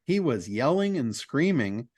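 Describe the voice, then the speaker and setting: A man of middle pitch hosts a casual business call. His voice swings widely up and down as he talks, and he laughs often. The sound is close and dry. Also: sing-song, unhurried, a little mellow, dry recording. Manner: blunt, laughs often, mild swearing. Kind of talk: casual chat, telling stories and giving advice.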